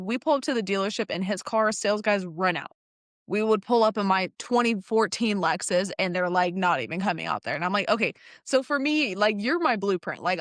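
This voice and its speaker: A young woman in mid-story, chatty and animated, with laughs that keep breaking in. She acts out what each person said as she tells it. Her voice sits at an ordinary middle pitch and sounds close and dry, with no room around it. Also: no echo. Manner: animated, laughs often, acts out quoted lines. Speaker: guest telling her car story. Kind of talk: casual storytelling chat.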